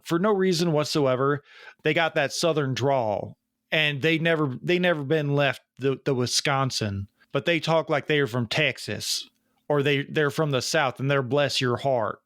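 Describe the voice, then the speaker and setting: Guy in his 40s podcasting, rambly and quick, mid pitch, dry close mic. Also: a bit bright, no room sound. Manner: fast, tangent-prone, self-interrupting. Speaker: podcast host. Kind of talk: casual chat.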